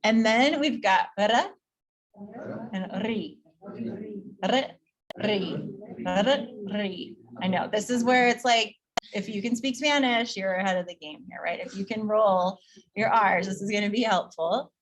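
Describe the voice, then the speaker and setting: A woman teaching Sanskrit pronunciation to a class in a casual, chatty way. She repeats each sound slowly so students can copy it, laughs easily and is upbeat. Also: medium pitch, crowd noise. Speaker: yoga teacher training instructor.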